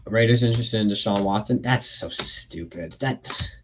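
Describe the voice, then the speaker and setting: A man's voice: fairly low pitch, normal speed, dull audio, background noise. A young man hosting a casual livestream Q&A from his bedroom, reading out chat questions and talking freely with plenty of swearing. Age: young adult. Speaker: livestream host.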